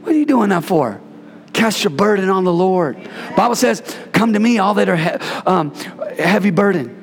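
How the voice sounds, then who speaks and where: A man preaching an energetic sermon as pastor, playful and call-and-response, bursting into shouts. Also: high voice, moderate pace, gravelly, soft background music. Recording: reverberant hall.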